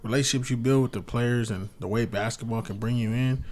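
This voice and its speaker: A man co-hosting a basketball podcast, chatting casually and quickly backing up his partner. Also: medium pitch, steady tone, a little mellow, a little hiss or hum. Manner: quick, affirming listener. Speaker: podcast co-host, basketball coach. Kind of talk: casual chat.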